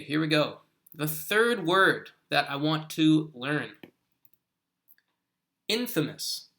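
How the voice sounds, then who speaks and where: A man's voice: on the high side, pushed and bright. A man teaching a live online English lesson, patiently correcting the sentences viewers send in.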